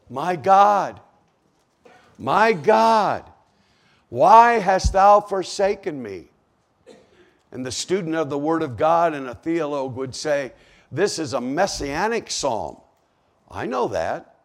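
A man preaching a sermon, swinging from hushed asides to shouted cries as he acts out the psalmist. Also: a little high.

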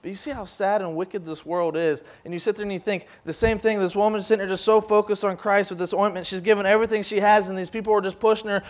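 Talking fast with few pauses in a voice that sits high, a man delivers a casual youth-group sermon, stumbling through fillers and restarts. He animatedly acts out what scoffers would say.

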